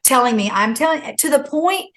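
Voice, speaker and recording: A middle-aged woman, a guest author on a talk show, tells a personal story with lively storytelling and acts out the quoted voices. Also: moderate pace, poor audio. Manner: acts out quoted speech with big pitch jumps. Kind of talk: animated storytelling.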